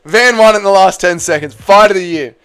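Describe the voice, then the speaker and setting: A man hosting a live fight watch-along stream, commentating excitably and with heavy swearing, yelling at the big moments and then talking drained and emotional. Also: high-pitched, brisk, background noise. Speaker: livestream host.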